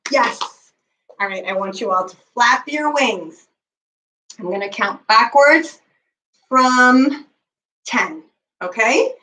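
A woman's voice: fairly high pitch, lively intonation, slow pace, pauses often, pushed and bright, echoey room, distant mic, rough recording. A woman teaching a children's bedtime yoga class, patient and encouraging, counting out the poses.

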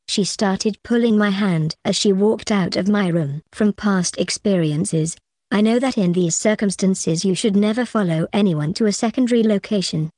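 A woman reads a first-person novel aloud at a steady, even pace. Her pitch sits at a middle level. The recording is close and dry, with no room sound. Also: moderate pace, dry recording. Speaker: audiobook narrator.

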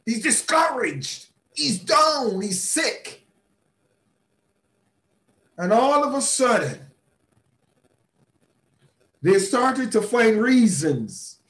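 A man who is a bishop, mentoring a class in a preaching style. He is emphatic, repeats words and breaks into sudden shouts. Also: sits high, echoey room. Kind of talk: motivational teaching talk in a preaching style.

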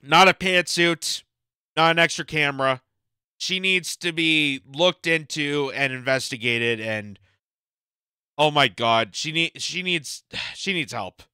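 Canadian-raised male commentary host, smooth and clear voice, sharp mocking delivery. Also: on the high side, slow, dry recording. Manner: mocking and exasperated, laughs at his own jokes. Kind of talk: opinion commentary on video.

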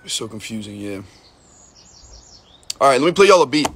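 A man's voice: medium pitch, very animated, moderate pace, background noise. A young man from the United States chatting casually on a livestream, rambling, joking and swearing while he reads comments. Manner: rambling, profane, filler-heavy, joking. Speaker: livestream host.

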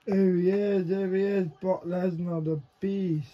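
A man giving casual, excitable reaction commentary to the screen, swearing freely. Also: high voice, a little slow, muffled recording. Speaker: reaction video creator.

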